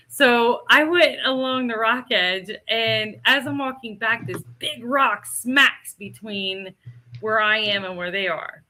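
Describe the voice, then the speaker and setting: Middle-aged woman, bright, high-ish voice, animated casual storyteller who laughs a lot. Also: takes it slowly, a little hiss or hum. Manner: animated, laughing often, acting out quotes. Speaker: podcast co-host.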